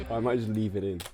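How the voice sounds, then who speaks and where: A man giving casual studio feedback to a singer as a music producer, rambling and interrupting himself, with faint music and keyboard clicks behind. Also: deep voice. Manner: rambling, self-interrupting, repeats words.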